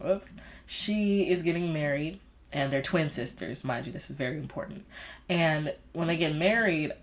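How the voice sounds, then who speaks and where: A young woman chatting casually about books she has read, rambling along with lots of fillers and restarts. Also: deep voice. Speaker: book vlogger. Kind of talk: casual book chat.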